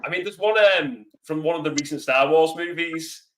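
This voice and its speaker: Guest man, slightly high voice, rambling and self-mocking, casual livestream. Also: fairly quick, a bit bright, rough recording. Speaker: guest podcaster.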